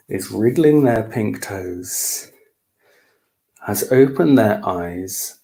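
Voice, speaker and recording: A man's voice: on the low side, vocal fry, mellow. A man reading a picture book aloud at storytime, playful and asking the children questions.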